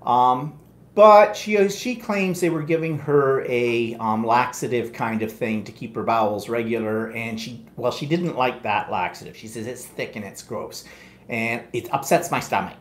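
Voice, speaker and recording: A man talks casually and at length on a live stream, wandering from one aside to the next as he tells a story. His voice sits at an ordinary pitch, and the room around him rings noticeably. It sounds like a home mic. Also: very animated, normal speed, echoey room. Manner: chatty, rambling storyteller with many asides. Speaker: co-host of a live quilting show.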